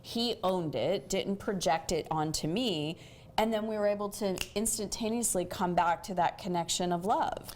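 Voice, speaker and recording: Lower-voiced woman coaching on relationships. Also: normal speed, darkish tone, a little hiss or hum. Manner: explanatory, often checks in with "right?". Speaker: host, coach.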